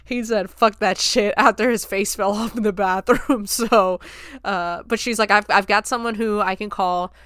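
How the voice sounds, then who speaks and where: A woman's voice: medium pitch, sharp tone, clear, resonant tone, dry recording, clean studio sound. A woman hosting a podcast, casually recapping a film scene by scene, laughing often and acting out the lines she quotes. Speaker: podcast host reviewing a film.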